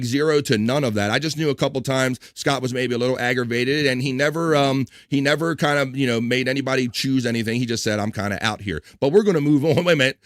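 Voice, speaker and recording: A man's voice: medium pitch, no room sound, clean studio sound. A man hosting a live stream, chatting casually, rambling and joking, and reading out viewers by name. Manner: rambling, jokey, talks to chat by name. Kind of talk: casual chat.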